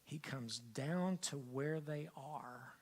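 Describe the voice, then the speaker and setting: An older man preaching a sermon as pastor, swinging from loud emphatic lines to hushed whispers and repeating key phrases for emphasis. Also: medium pitch, takes it slowly.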